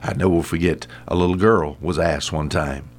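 A man's voice: sits low, fairly quick, soft background music. An older man hosting a short radio Bible devotional, preaching in an earnest, folksy way and often calling the listener his friend. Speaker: radio preacher and program host.

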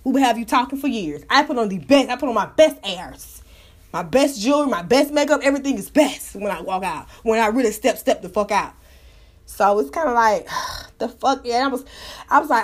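A woman with a slightly high voice hosts a casual live talk room. She rants and tells stories bluntly and with lots of profanity. Her delivery swings between low muttering asides and sudden loud, excited outbursts. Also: a little fast. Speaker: live audio room host. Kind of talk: casual storytelling rant.

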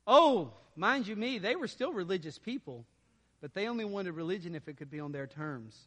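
A man preaching a sermon as a pastor, conversational and animated, laughing now and then. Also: sits high, moderate pace. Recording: long hall reverb.

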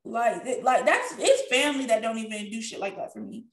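High-voiced woman in an echoey room. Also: animated, fairly quick. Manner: candid, emotional storytelling with frequent profanity. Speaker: podcast co-host. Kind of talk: casual chat.

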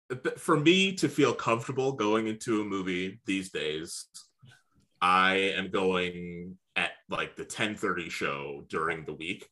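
A man co-hosting a casual chat, making quick teasing jokes. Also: low-pitched, bright, forceful tone.

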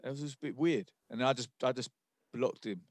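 A man, a rapper, telling a story on a podcast in a halting, measured way. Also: medium pitch, dry recording, clean studio sound. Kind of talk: casual chat.

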